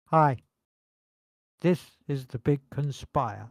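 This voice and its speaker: A man co-hosting a casual podcast, joking loudly, swearing and slipping into mock voices. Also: on the high side, expressive, moderate pace, no room sound, clean studio sound. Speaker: podcast co-host. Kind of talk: casual chat.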